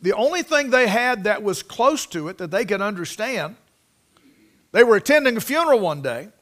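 A man's voice: sits high, sing-song, moderate pace, fairly bright tone. A male preacher, delivering a sermon with folksy stories and reading scripture aloud with emphasis.

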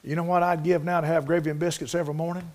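Folksy preacher, fairly high voice. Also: male voice, level tone, rapid-fire, a little mellow. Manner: folksy storytelling with Southern rural speech. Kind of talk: folksy sermon.

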